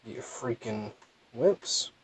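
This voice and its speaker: A man's voice: medium pitch, lively intonation, drawn-out words, breathy edge, low-quality recording. A young man with a thick Southern US accent, rambling and self-deprecating as he comments casually on his gameplay. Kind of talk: casual let's play commentary.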